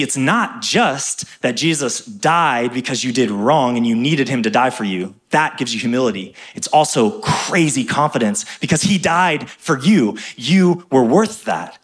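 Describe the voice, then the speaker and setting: Man preaching an energetic sermon. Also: mid-range voice. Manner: energetic preaching with emphatic rises and quick asides. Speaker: pastor.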